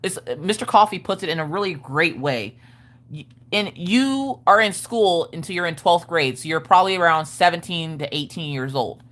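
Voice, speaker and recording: A woman hosting a live stream and chatting casually about parenting, frank and profane, with animated storytelling. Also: lowish voice, moderate pace. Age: adult parent of school-age children.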